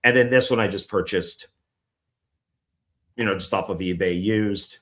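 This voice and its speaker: A man's voice: fairly low pitch, a little slow, fairly bright tone. A man chatting casually on camera about discs he bought, rambling and swearing, now and then mocking critics in a put-on voice. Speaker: filmmaker showing his disc purchases. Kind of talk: casual vlog chat.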